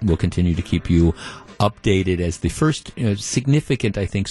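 A man's voice: sits low, a little mellow, breathy edge. A man hosting a talk radio show, delivering a conversational monologue with emphatic opinions from a studio mic.

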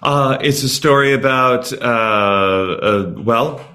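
A man's voice: mid-range voice, slow pace, bright, forceful tone. A man, a stage actor, answering interview questions hesitantly with many uhs over a video call.

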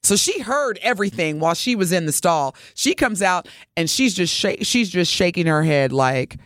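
Animated middle-aged woman storyteller. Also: fairly low pitch, moderate pace, no room sound, studio quality. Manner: animated, expressive storyteller addressing listeners directly. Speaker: podcast co-host. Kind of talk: casual storytelling.

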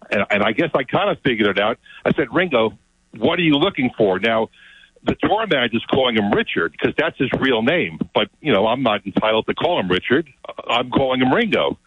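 Excited man telling a story, lo-fi. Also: medium pitch, no echo. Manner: excited, repeats words. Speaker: guest. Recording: dull, lo-fi sound.

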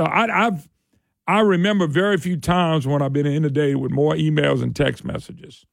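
A man's voice: fairly high pitch, gravelly, dry recording, clean studio sound. A man hosting a political talk radio show, combative, sarcastic and folksy in his delivery.

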